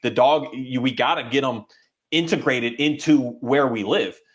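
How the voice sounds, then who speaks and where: Rambling, halting dog-trainer man. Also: mid-range voice. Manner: rambling, halting, voices his dog's thoughts in a bright tone. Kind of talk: casual conversation.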